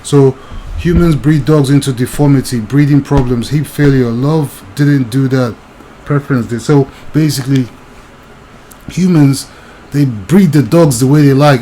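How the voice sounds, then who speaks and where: A man's voice: medium pitch, measured pace, warm tone, slight background noise, low-quality recording. A young man, ranting agitatedly and talking straight to the viewer in video commentary.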